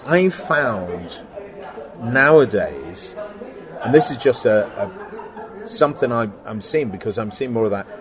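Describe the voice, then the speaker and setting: A middle-aged man in a casual interview, telling stories about his workshop in an animated way and acting out the exchanges he quotes, laughing often. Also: medium pitch, unhurried, a crowd in the background. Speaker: guest, special effects workshop owner.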